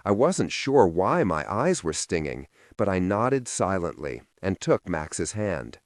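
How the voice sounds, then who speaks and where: A man narrating a fantasy novel in the first person, in a soft, measured and emotive way. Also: lowish voice, sing-song, no room sound, studio quality. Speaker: audiobook narrator.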